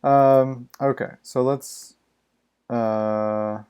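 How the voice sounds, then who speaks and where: A man's voice: medium pitch, fairly even intonation, very slow, mellow, clear, resonant tone. A man live-streaming himself programming, muttering his thoughts aloud in a casual, exasperated way and swearing freely.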